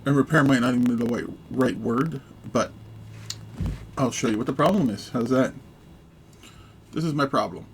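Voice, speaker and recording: A man with a mid-range voice walks viewers through a hands-on repair at a workbench, speaking casually and hesitantly with plenty of ums and little jokes. A faint hum sits under his voice. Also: medium pitch. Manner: relaxed, joking, hesitant with fillers. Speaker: gun repair video host. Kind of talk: casual how-to demonstration.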